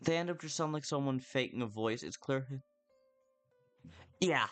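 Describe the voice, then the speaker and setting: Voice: mid-range voice, lively intonation, moderate pace, soft background music. A streamer chatting casually while playing a game, reading the dialogue aloud in put-on voices and rambling about the characters with a self-deprecating tone.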